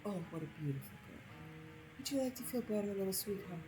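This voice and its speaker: A woman's voice: mid-range voice, expressive, fast, over music, lightly acted, low-quality recording. A woman voicing a big, motherly Nord woman who talks in a soothing, gushing way.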